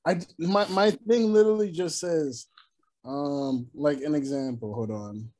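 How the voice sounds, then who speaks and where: A man's voice: fairly high pitch, measured pace, darkish tone. A tired young man chatting casually as a podcast co-host, rambling and laughing often. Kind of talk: casual chat.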